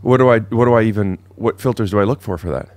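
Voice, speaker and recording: A man's voice: fairly low pitch, quick pace, darkish tone, no echo. Rambling male podcast host, dry sound. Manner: rambling, restarts often. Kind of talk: casual chat. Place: home living room. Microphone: podcast microphone.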